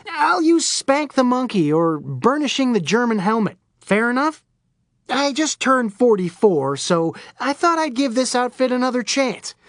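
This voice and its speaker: A woman's voice: on the high side, no echo, voice pushed up. An irreverent, rambling man with wild theatrical swings in his voice, as a woman reads him in an audiobook. He sounds close and dry, with no room around him. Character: manic wisecracking male Florida oddball. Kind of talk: audiobook character voice.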